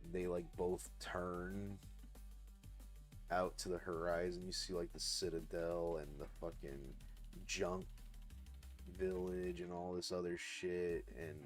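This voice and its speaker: A man's voice: deep voice, expressive, slow, soft background music. A young man casually retelling a story on his live art stream, rambling with lots of fillers and swearing. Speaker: livestreaming artist.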